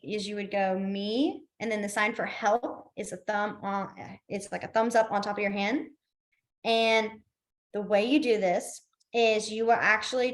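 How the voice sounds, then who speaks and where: A woman's voice: mid-range voice, a bit bright. A young woman teaching a beginners' class, upbeat and encouraging, with frequent fillers. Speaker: sign language teacher. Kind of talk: casual online class instruction.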